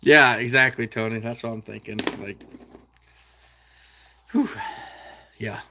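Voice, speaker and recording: A man's voice: mid-range voice, slow pace, sharp tone, slight background noise. A young man from the American Midwest hosting a trapping live stream, chatting casually and answering viewers by name with frequent laughs. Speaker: trapping channel host reading live chat.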